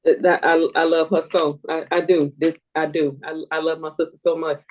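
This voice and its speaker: Brief: low-pitched woman host, halting, reflective read. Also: flat delivery. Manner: laughing along, halting with restarts. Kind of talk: casual chat, then reading closing thoughts.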